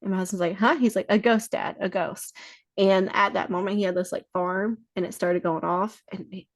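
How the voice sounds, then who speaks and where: A woman's voice: mid-range voice, steady tone, a little fast, no room sound. A woman guest on a podcast, telling stories in a casual chat, swearing freely and acting out what people said. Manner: swears freely, acts out quoted dialogue.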